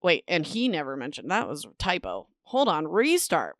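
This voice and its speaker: A woman's voice: low voice, huge pitch swings, moderate pace, dry recording, clean studio sound. A woman hosting a casual book podcast. She sounds bubbly and self-mocking, and often stumbles over words while reading aloud. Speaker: podcast host.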